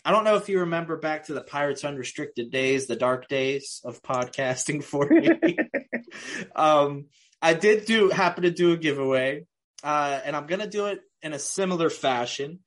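A man's voice: a little high, animated, moderate pace, fairly bright tone. A man co-hosting a casual podcast, joking, laughing often and drifting into tangents. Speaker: podcast co-host. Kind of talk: casual chat.

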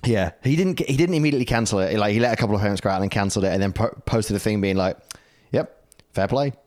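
A man's voice: fairly low pitch, quick pace, a little mellow, no room sound, studio quality. A British man co-hosting a casual podcast chat, joking and reading quotes aloud. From Britain. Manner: jokey, laughing, reads quotes aloud. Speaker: podcast co-host.

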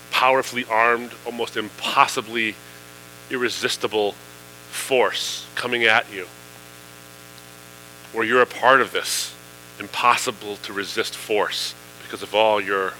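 A man's voice: fairly low pitch, steady tone, measured pace, long pauses, bright, forceful tone, a little hiss or hum, low-quality recording. A man preaching a sermon in a conversational way, with fillers, building to emphatic questions. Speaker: pastor.

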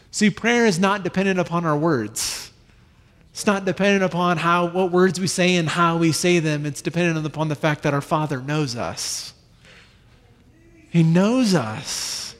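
Animated pastor preaching in a big hall. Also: male voice. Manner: animated, acts out children's voices with sudden high bursts. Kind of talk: sermon. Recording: long reverb in a large hall.

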